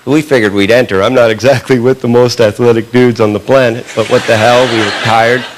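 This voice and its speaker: Animated man telling stand-up stories. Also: medium pitch, brisk. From Canada. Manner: animated, punchy delivery with frequent tag questions. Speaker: stand-up comedian. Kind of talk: stand-up storytelling. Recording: live recording with audible background noise.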